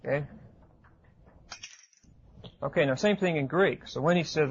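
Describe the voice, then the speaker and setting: A man giving an expository Bible lecture to a class, pausing often with fillers and checking in with his listeners. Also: on the high side, slightly rough. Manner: hesitant with frequent uh fillers, asks class questions. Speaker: Bible teacher. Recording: dull lo-fi recording.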